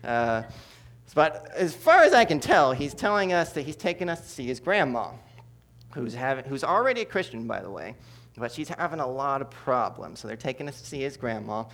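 A preacher gives a sermon testimony in a mid-pitched, sing-song voice at a fairly quick pace. He tells the story with humor and animation, jumping into loud bursts and then dropping to hushed asides.

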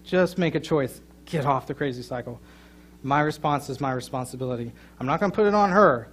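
A middle-aged man preaching a sermon, telling a funny story and joking with his congregation, with loud emphatic peaks. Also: medium pitch, a little fast. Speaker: pastor. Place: church sanctuary.

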